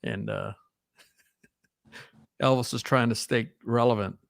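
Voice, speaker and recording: Gravelly rambling podcast host. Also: male voice, mid-range voice, fairly even intonation, slow pace. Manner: rambling, many fillers and restarts. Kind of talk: casual chat.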